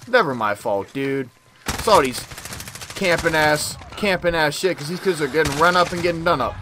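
A man's voice: medium pitch, noisy background. A man giving casual gameplay commentary, trash-talking with lots of slang. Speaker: gaming YouTuber. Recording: game gunfire loud in background.

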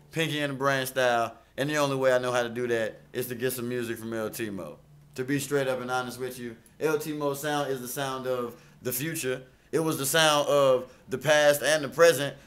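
A man's voice: medium pitch, a bit bright. Artist guy hyping himself up in a loose chat, cocky and playful. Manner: boastful, playful hype talk. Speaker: recording artist co-host. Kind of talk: casual studio chat.

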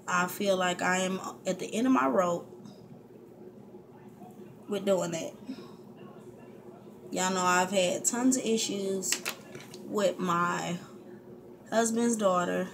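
A woman's voice: on the low side, slow, pauses often. A woman vlogger venting candidly to her viewers, frustrated and heated, talking in fits and restarts at home. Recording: steady background hiss.

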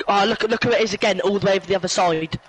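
A man's voice: high-pitched, fairly even intonation, very fast, crowd noise. A man giving bossy, swearing callouts to his teammates during a casual gaming session. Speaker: gamer, teammate.

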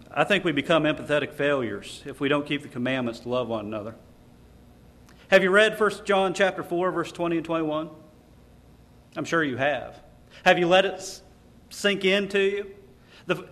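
A man delivers a sermon in a slightly high voice. He speaks emphatically, quoting scripture and turning to the congregation with rhetorical questions. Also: fairly bright tone. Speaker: preacher. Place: lecture hall.

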